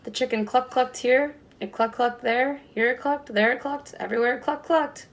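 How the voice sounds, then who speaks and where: A kindergarten teacher reading a picture book aloud, with expressive storytime delivery and voices for the characters. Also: female voice, high-pitched, moderate pace.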